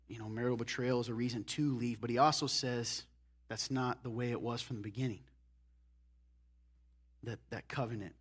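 A man preaching a sermon as pastor, animated, moving between loud emphatic lines and hushed, intense ones. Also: mid-range voice.

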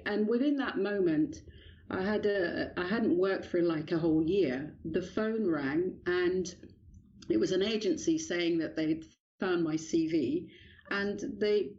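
A middle-aged woman with a British English accent, hesitantly sharing her personal testimony as an interview guest, with many pauses and ums. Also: fairly low pitch, dark tone, dull audio. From England. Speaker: guest author.

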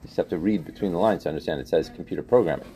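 A man teaching a religious text class, animated, questioning students and repeating phrases as he explains. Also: low voice, rapid-fire, noisy background. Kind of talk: interactive class lecture.

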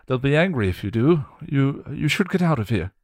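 Frightened stammering young man, high and shaky, read by a man, in a storybook. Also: very animated, brisk, a little mellow, no echo, clean studio sound. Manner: stammering, fearful pleading.

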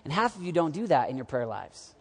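A man preaching a sermon to young adults, animated and jokey, swinging from loud urging to quiet asides. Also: on the high side, brisk, creaky. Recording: long hall reverb.

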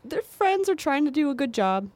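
A woman's voice: sits high, very animated, moderate pace, a little mellow, no room sound. A woman from the Midwest, co-hosting an advice podcast in a playful, upbeat chat. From American Midwest. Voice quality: nasal voice. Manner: playful, laughs often, upbeat. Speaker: podcast co-host giving advice. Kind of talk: casual chat.

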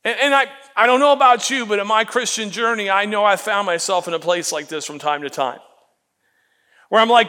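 A man preaches a sermon as a pastor, his voice high-pitched and brisk. He's animated, acting out the voices of those he quotes and often repeating words as he goes.

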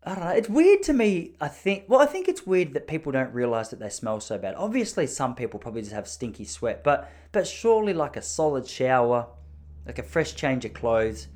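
Rambling Australian man with lively pitch. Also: brisk. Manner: rambling, self-mocking storytelling. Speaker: podcast host. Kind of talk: casual solo podcast monologue. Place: spare room at home.

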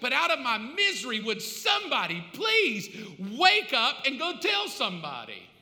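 A man's voice: sits high, sing-song, a little fast, sharp tone, roomy sound, long reverb tail, heavily acted. A preacher putting on a tormented dead man begging. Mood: desperate pleading. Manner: desperate, pleading cries.

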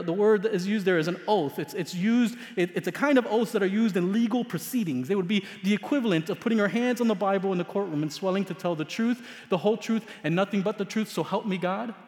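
A male pastor preaching with a high voice. He tells the story dramatically, swinging from loud emphasis down to hushed asides. His voice carries a long reverb, as in a large hall. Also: fast talker. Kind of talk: sermon.

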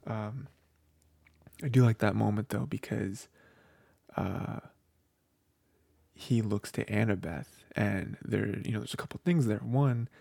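A man's voice: on the low side, gravelly, a little mellow, dry recording. A man co-hosting a book podcast, talking casually and rambling with lots of fillers. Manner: rambling, filler-heavy, with many "you know" and "like".

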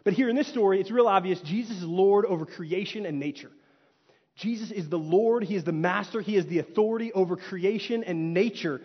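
A man from Texas preaching a sermon, telling stories with animated swings from loud to hushed. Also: high-pitched, brisk, slightly rough, long reverb tail, muffled recording. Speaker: pastor. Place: church.

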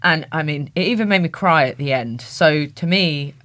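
A woman's voice: deep voice, moderate pace, a bit bright. A woman guesting on a casual film podcast, enthusiastic and swearing casually.

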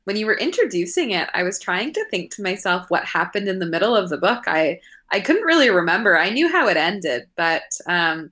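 Bright-voiced woman, casually reminiscing. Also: fairly low pitch. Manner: reminiscing, with halting restarts. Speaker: podcast co-host. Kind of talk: casual chat.

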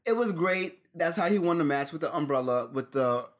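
A man's voice: fairly high pitch, expressive, fairly quick. Rambling man recapping wrestling casually. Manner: rambling, laughs often, trails off mid-sentence. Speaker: podcast co-host.

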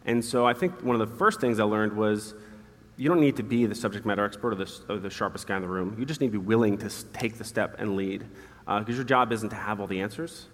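A quick-talking man in his thirties speaks as an interview guest, fairly low in pitch and earnest. His words ring with a long hall reverb. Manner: quick, earnest, laughs at his own stories. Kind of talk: candid storytelling interview.

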